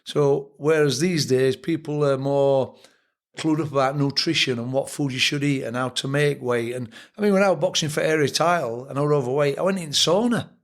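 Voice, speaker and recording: A man's voice: mid-range voice, a little fast. An older man with a Sheffield accent, a boxing trainer telling reflective, blunt stories as a guest on a casual podcast interview. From England.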